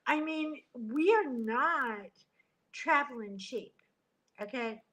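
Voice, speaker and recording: A middle-aged woman chatting casually on a livestream from a hotel room, animated, joking and gasping as she talks into a tablet. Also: high voice, takes it slowly, rough recording. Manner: chatty and animated, jokes and gasps. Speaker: livestream host. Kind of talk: casual live chat. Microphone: tablet camera.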